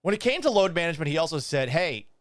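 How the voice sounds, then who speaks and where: A man in his thirties hosts a casual sports show, blunt and profane. His voice sits a little high and swings widely in pitch. It sounds smooth and close, with a dry room. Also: very animated, rapid-fire, no room sound. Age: 30s.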